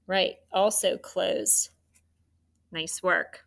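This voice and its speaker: A woman's voice: medium pitch, takes it slowly, bright, forceful tone. A woman teaching a children's phonics lesson, spelling out letters and encouraging the students.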